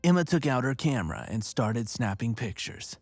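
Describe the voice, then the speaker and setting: A man narrating a first-person horror story in a measured, steady way. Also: medium pitch, no echo. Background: faint music.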